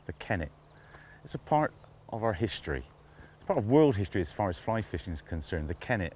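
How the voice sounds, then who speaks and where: Male outdoor presenter, lowish voice, eager and admiring, riverbank with faint background sound. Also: a little hiss or hum. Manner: enthusiastic, admiring, talking half to himself. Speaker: fly fishing instructor and show presenter. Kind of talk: casual outdoor presenting to camera.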